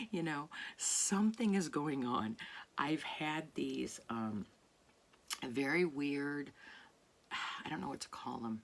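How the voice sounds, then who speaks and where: Soft-spoken woman musing late at night. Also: low-pitched, animated, takes it slowly, creaky, long pauses. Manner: soft, often drops to a near whisper; rambling, searching for words. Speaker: artist vlogger. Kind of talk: late-night casual monologue. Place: home at night.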